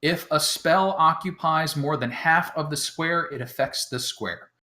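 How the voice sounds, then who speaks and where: This man running a tabletop game has a slightly high, bright, pushed voice and a somewhat slow delivery. He rambles cheerfully, mocks himself, and walks through the rules in a loose way full of fillers like "um."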